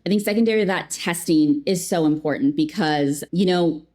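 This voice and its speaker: Lower-pitched chatty woman guest. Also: brisk. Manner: chatty, animated, acts out quotes, lots of "like". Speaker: customer experience leader, podcast guest. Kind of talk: casual interview chat.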